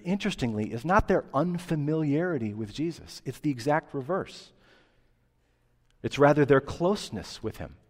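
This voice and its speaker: A man's voice: medium pitch, a little mellow, big-room sound. A man preaching a sermon as pastor, reading scripture aloud with rising emphasis and explaining it.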